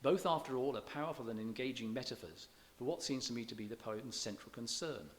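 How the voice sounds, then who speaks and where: A man giving a public lecture on poetry, measured and scholarly, slowing down to read verse aloud with stressed beats and sometimes restarting his words. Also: medium pitch, slight background noise. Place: church hall.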